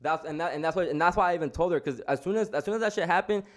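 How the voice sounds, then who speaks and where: A man's voice: fairly high pitch, rapid-fire. A man telling a story in casual chat, rambling with lots of slang and restarts.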